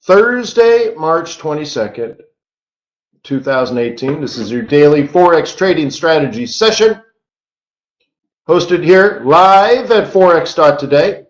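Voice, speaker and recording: A man hosting a live trading stream, chatty and rambling, tired, rattling off quick disclaimers. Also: on the high side, roomy sound, dull audio. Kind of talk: casual live-stream teaching talk.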